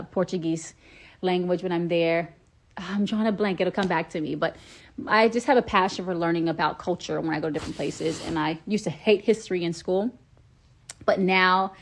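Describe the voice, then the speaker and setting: A woman from Atlanta, Georgia, chatting casually and playfully on a live stream from her phone, with lots of filler ums. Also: on the low side.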